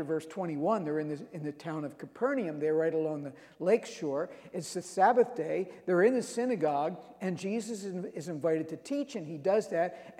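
A man's voice: high voice, darkish tone, in a large hall. A man preaching a sermon, retelling scripture stories with emphasis and reading verses aloud.

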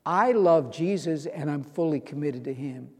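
A man's voice: a little high, moderate pace, darkish tone, big-room sound. A man preaching a sermon, earnest, reading out scripture and stressing key lines. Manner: earnest, quoting scripture with rising emphasis.

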